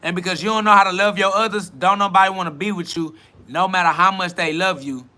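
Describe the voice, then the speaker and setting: High, bright-voiced man preaching in slang. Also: fairly even intonation, fast. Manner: emphatic, profane, repetitive preaching cadence. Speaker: self-styled spiritual podcast host. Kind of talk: improvised street-slang sermon. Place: outdoors beside a road with passing cars.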